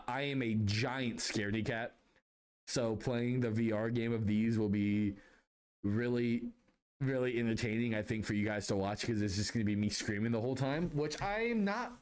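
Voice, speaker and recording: A young man hosts his own podcast alone, drifting through stories and tangents with a self-deprecating edge. His pitch sits in the middle but swings up and down a lot as he talks, which keeps the delivery animated. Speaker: podcast host. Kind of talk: casual solo podcast storytelling.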